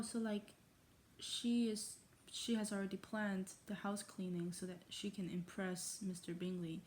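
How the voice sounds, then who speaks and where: A woman with a medium-pitched, slightly mellow voice gives a casual reading of a novel, putting on an English accent. She often fumbles words and breaks away to joke at her own expense, with a slight hiss or hum behind her.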